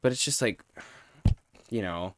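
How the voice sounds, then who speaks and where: A man's voice: lowish voice, measured pace, a bit bright, smooth, dry recording. Man ranting on a live stream. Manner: profane, heated, rambling. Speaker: streamer reviewing a show.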